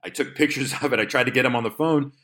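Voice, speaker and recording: Man, trader and podcast co-host, rapid delivery, animated, casual. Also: mid-range voice. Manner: fast, animated storytelling with quoted asides. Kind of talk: casual market talk.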